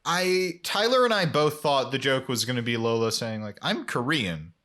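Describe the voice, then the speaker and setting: A man's voice: mid-range voice, moderate pace, fairly bright tone. A man co-hosting a casual rewatch podcast, recapping scenes and quoting characters with dry jokes. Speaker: podcast co-host.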